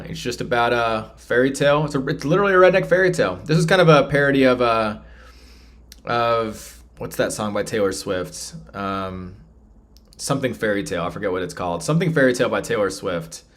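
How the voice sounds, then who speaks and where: A man's voice: on the low side, normal speed, fairly bright tone. A man from Texas rambling casually as he hosts a live stream and reads the chat. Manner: rambling and chatty, with restarts.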